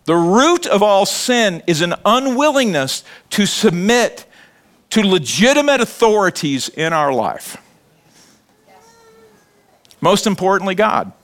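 Man, pastor, sermon, lively conversational preaching, high pitch. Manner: animated, conversational preaching with laughs and acted quotes.

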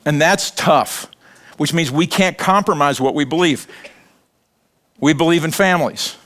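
A middle-aged man preaching a sermon in a conversational, animated way, joking and acting out little scenes. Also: on the high side, unhurried. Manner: animated, conversational preaching with laughs and acted quotes. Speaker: pastor.

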